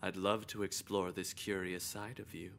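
A sleazy, mocking school staffer. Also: male voice, low-pitched, little pitch movement, moderate pace, a bit bright. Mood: sly, taunting. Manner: smooth, mocking, insinuating. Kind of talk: video game voice acting.

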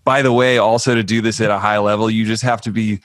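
A man's voice: on the low side, level tone, quick pace, a bit bright, no room sound, studio quality. Laid-back young man. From Birmingham, Alabama. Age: young adult. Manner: laid-back, says dude and man a lot. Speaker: guest drummer. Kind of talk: casual interview chat.

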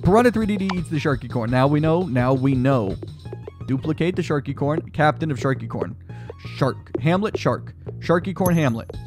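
A young man hosting a gaming video, muttering to himself in casual commentary with excitable outbursts. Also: fairly high pitch, normal speed, music in the background.

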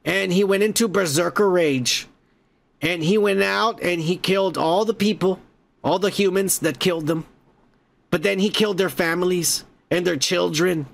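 High-voiced, profane man rambling. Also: normal speed, gravelly. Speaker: podcast host. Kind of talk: casual movie recap.

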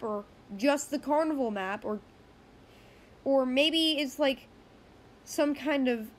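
A woman hosting a casual gaming news roundup, chatty and rambling, often correcting herself mid-sentence. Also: high-pitched.

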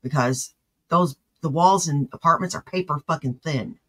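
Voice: medium pitch, moderate pace, bright, forceful tone, slight background noise. A commentator speaking bluntly and with exasperation, reacting to a stream.

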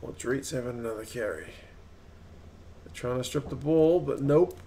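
A man's voice: mid-range voice, mellow, slight background noise. New Zealand man commentating rugby live. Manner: rises and quickens at close plays. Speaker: rugby watch-along host. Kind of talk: live match commentary and chat.

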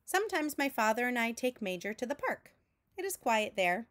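A woman teacher reading a picture book aloud to children in a slow, clear storytelling manner, making sound effects with her voice between lines. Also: a little high, big pitch swings, a bit bright. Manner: adds vocal sound effects between narration.

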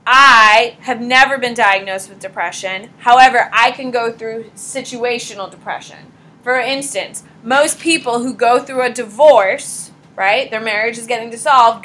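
A pregnant woman teaching a high school psychology class in a casual, blunt lecture style, talking straight to her students. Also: sharp tone, low-quality recording.

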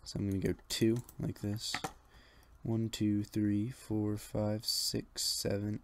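Slow, gravelly young man counting blocks. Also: fairly low pitch, a little hiss or hum. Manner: relaxed, counts blocks under his breath, rambling asides. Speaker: let's play builder. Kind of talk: casual gameplay commentary.

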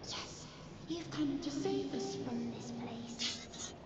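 Frightened newborn brain creature: high, swooping, eerie, begging; game audio with heavy echo. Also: female voice, lively intonation, slow, over loud music. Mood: pleading. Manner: pleading, eerie and drawn out. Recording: echoey game audio over loud ambience.

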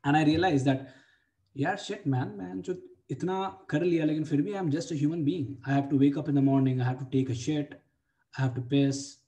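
Young male coach, mellow voice, blunt and profane, repeats himself, roomy echo. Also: a little high, quick pace. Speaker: dating coach. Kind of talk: personal story for a webinar. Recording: echoey room.

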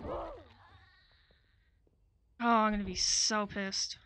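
A woman's voice: mid-range voice, fairly even intonation, takes it slowly, long pauses, pushed and bright, slight background noise. A young woman giving let's-play commentary, frustrated, cursing and talking to the game as she plays. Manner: frustrated, swears often, talks to the game. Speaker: gaming video creator.

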